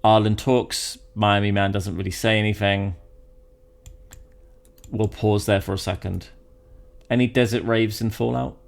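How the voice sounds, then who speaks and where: A man from Britain co-hosting a podcast in casual chat, animated and rambling, often restarting his sentences. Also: fairly low pitch, unhurried, gravelly. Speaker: podcast co-host.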